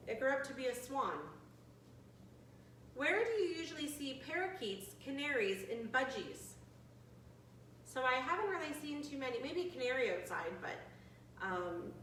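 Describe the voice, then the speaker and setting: A woman in her forties leading a bird trivia quiz for seniors, chatty and friendly, reading questions out slowly. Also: on the high side, fairly bright tone, slight background noise. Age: 40s. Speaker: activity leader. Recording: echoey room, from a distant mic.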